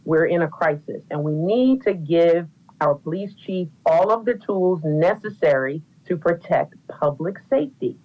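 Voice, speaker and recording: Woman, deep voice, formal emphatic testimony, phone-like sound. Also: lively intonation, unhurried, warm tone. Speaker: neighborhood commissioner testifying. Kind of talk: public testimony. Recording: tinny phone-line audio.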